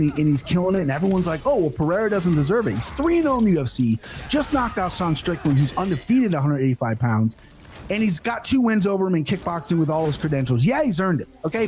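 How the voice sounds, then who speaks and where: A man co-hosting a sports show, making his pick in an animated, profane and emphatic way. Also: on the high side. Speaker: podcast co-host. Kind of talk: excited sports betting chat.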